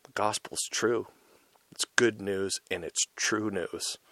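A man delivers an informal sermon in a somewhat low voice, intense and conversational, swelling louder when he stresses a point and dropping low in between. The recording is dry and close, with no room sound. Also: fairly even intonation, takes it slowly, no echo. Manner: intense and conversational, rising loud on emphasis, frequent "right?" and "man". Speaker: preacher and show host.

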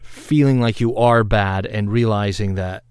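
A man's voice: fairly low pitch, fairly even intonation, a little slow, darkish tone, clean tone, dry recording, studio quality. A man hosting a podcast in a casual, rambling, self-deprecating monologue, often laughing at himself. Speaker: podcast host.

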